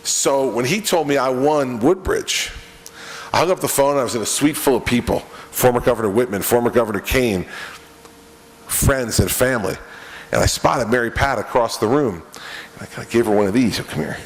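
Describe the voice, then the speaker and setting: A middle-aged man with a medium-pitched voice gives a conversational, joking stump speech at normal speed, telling stories and addressing the audience directly. He's recorded in a reverberant event hall with listeners present.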